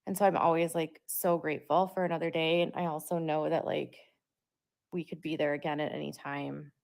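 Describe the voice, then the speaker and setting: A woman's voice: low-pitched, little pitch movement, a little fast, vocal fry, a little mellow. A young adult woman and parent, talking casually to her viewers in a rambling way with lots of filler words. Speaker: parent vlogger.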